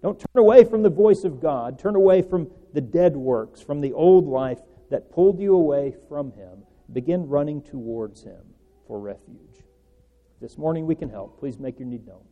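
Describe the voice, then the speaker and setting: A man preaching an earnest sermon, pressing certain words and letting his phrase endings trail off softly. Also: fairly high pitch, expressive, moderate pace, narrow, tinny audio. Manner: earnest, rising and falling emphasis with soft trailing endings. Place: church hall. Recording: long church reverb.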